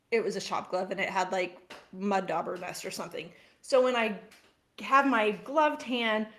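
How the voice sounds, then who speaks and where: A woman co-hosting a casual podcast, telling an animated story with frequent laughs. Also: medium pitch. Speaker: podcast co-host. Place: farm household.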